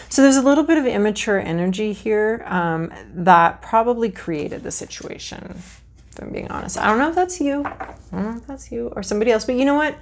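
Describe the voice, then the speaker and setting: A woman's voice: a little high, lively intonation, a little fast. A woman reading tarot cards to camera in a casual, frank, chatty way, thinking aloud as she draws. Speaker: tarot reader.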